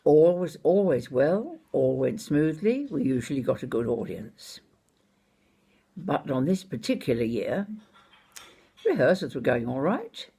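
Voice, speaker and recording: An older Scottish woman telling a personal anecdote in an unhurried, wry and expressive way. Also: low voice, slightly rough. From Scotland. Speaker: storyteller.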